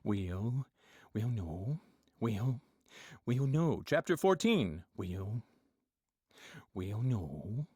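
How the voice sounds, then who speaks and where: Guy doing an old president voice, slow, trails off, lively pitch, dry sound. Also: husky, no room sound, full character voice. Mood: folksy, vague. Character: impression of an elderly male ex-president, slow and folksy.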